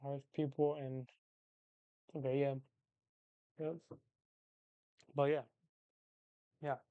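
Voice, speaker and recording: A man's voice: medium pitch, little pitch movement, slow, clean tone, no room sound, phone-quality sound. A young man hosting a livestream, chatting casually with viewers in a rambling, slangy way and repeating his phrases. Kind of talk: casual chat.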